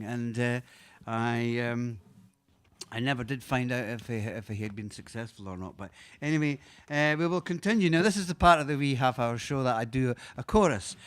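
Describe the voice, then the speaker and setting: A man's voice: mid-range voice, clear, resonant tone. A Scottish singer-songwriter chatting between songs on his own live show, rambling and hesitant with lots of fillers, patiently explaining things to his listeners. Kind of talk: casual chat between songs. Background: guitar.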